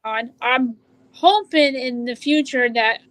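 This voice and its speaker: Woman, psychic medium guest, earnest explainer, slightly high voice, dry sound. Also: slow pace, a bit bright, dry recording, low-quality recording. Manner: earnest, explains at length with restarts. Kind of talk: casual interview talk.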